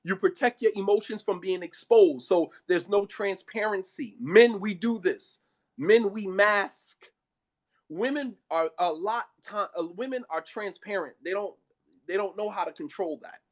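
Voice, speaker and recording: A man's voice: high voice, a little slow. A man giving a religious talk on marriage, blunt and emphatic, mixing casual street talk with Arabic phrases. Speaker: Islamic speaker.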